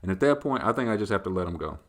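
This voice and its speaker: Loose, rambling man with a low voice. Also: animated, racing. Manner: loose, rambling, conversational, leaning on filler tags. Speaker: host. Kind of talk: casual solo Q&A chat.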